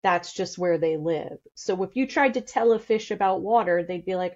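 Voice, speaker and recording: With a slightly mellow voice on the low side, this middle-aged St. Louis woman talks quickly and frankly as a podcast guest. It's casual interview talk, and the highs are cut off.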